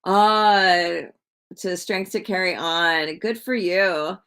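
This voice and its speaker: A woman chats with her viewers on a livestream in a loose, rambling way. She starts phrases over and over and fills the gaps with "like" and "you know". Her voice sits a little on the low side. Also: slow, sharp tone. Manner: rambling, repeats words, many fillers. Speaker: livestream host. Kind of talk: casual livestream chat.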